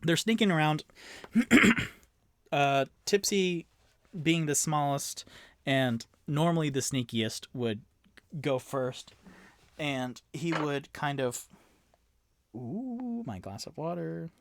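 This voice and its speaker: A man's voice: a little high, slow, pauses often, no room sound. A young man narrating a solo tabletop game as game master, chatty and prone to self-mocking tangents.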